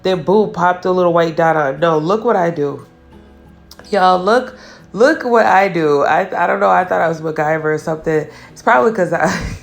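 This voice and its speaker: A woman with a fairly low voice talks through her nail work in a relaxed, chatty voice-over. She teases herself about her mistakes as she goes, and soft music plays faintly underneath. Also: normal speed, creaky. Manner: chatty and self-teasing, laughs at her own mistakes. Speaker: nail artist. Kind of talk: casual tutorial voice-over.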